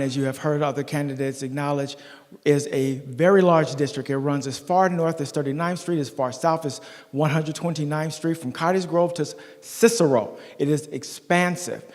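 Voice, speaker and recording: A man's voice: mid-range voice, darkish tone. A middle-aged man giving an emphatic campaign speech as a school board candidate, telling stories and working the crowd at a community forum. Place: large meeting hall. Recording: long hall reverb.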